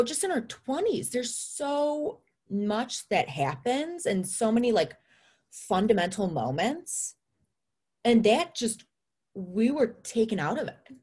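A woman's voice: on the high side, a little mellow. A young woman in casual chat, talking openly and reflectively and laughing often.

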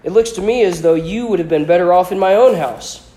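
A man voicing a sly, haughty dead male professor living in a portrait, speaking in a smooth, lazy, condescending drawl. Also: high-pitched, fairly quick, mellow, slight background noise, pitched above the performer's own voice, lightly acted. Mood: mocking.

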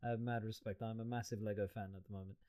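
A man's voice: fairly low pitch, level tone, a crowd in the background. Chatty male podcast host, loose and jokey, on a video call. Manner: chatty, rambling, quick to joke. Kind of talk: casual chat.

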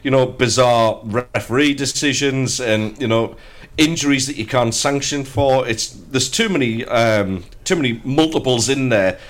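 A man co-hosting a casual football chat show with jokey, animated banter. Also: medium pitch, measured pace. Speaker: co-host.

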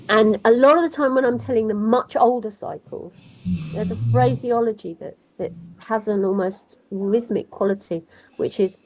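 A woman storyteller chatting in an interview, wry and animated, wandering off on tangents. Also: medium pitch, rough recording. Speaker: storyteller guest. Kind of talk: conversational interview.

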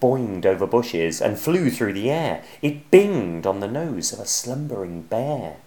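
A man reading a rhyming picture book aloud in an expressive, sing-song manner. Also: fairly low pitch, measured pace. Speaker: storyteller.

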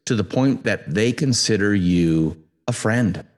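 Low-voiced male podcast host. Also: lively intonation, a little slow. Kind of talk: podcast interview.

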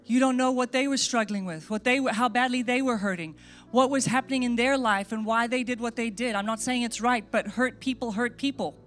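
A woman's voice: on the high side, a little fast. A woman pastor giving a sermon and altar call, earnest and repeating short phrases as she prays aloud. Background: soft music.

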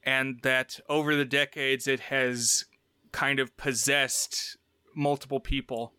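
A man with a bright, crisp, smooth voice co-hosts a casual film-review podcast. He retells scenes animatedly and jumps up in pitch to quote characters. The sound is dry and close. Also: level tone, slow, no echo. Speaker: podcast co-host.

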